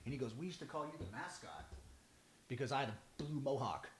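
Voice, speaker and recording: A man's voice: medium pitch, expressive, brisk, reverberant, a little hiss or hum. A man telling stories in a casual podcast chat, acting out both sides of each conversation. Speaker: band drummer, podcast regular.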